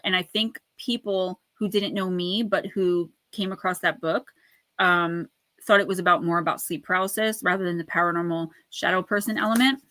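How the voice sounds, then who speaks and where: A woman talks casually to her livestream viewers, chatty and quick to laugh as she reads oracle cards aloud. Her voice is bright and forward. It sounds close and dry, with no room echo. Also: mid-range voice. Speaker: livestream oracle card reader and author. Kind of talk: casual livestream chat and card reading.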